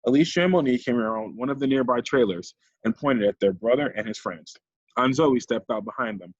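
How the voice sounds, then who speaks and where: Brief: husky male narrator, dry close read, lo-fi. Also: medium pitch, fairly quick, no room sound. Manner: steady storytelling. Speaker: audiobook narrator. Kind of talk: audiobook reading. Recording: dull lo-fi recording.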